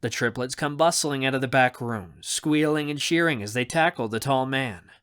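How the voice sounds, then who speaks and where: A man narrating a young adult audiobook in the first person with an expressive reading. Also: mid-range voice, moderate pace, clean tone.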